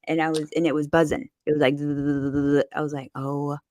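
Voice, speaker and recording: Woman host, low-pitched and rapid, blunt and profane, telling stories in a dry close-miked booth. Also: dry recording. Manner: blunt, profane, animated storyteller. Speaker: podcast host. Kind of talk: casual chat.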